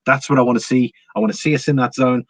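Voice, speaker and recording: Speaking quickly with a steady tone at medium pitch, an English livestream host gives casual commentary on precious metals markets. He greets viewers by name from the chat and uses lots of fillers, recorded at home with a dry, slightly dull sound and no room noise.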